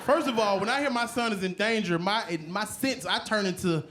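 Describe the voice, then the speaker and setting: A man doing a stand-up comedy set, telling loose, profane stories and jumping into loud shouted voices. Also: high voice, brisk. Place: comedy club stage before a laughing crowd. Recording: live show with loud crowd laughter and noise.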